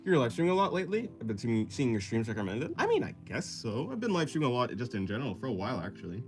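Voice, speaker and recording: A man's voice: mid-range voice, big pitch swings, racing, faint music behind. A man livestreaming while he sketches, reading chat aloud and rambling in a self-deprecating way that often breaks into laughs. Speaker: art livestreamer.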